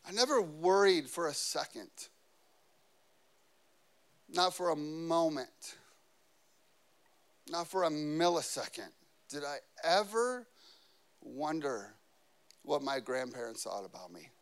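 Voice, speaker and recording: A man's voice: fairly high pitch, expressive, slow pace, pauses often. A man preaching a sermon, telling personal stories and rising to fervent, passionate delivery. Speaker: pastor. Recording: music playing behind. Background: worship band instruments.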